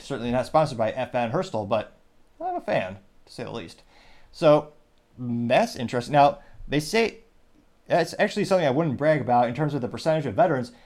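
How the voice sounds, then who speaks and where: A man's voice: mid-range voice, darkish tone. A man hosting a news commentary podcast, talking in a wry, digressive way with joking asides. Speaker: podcast host.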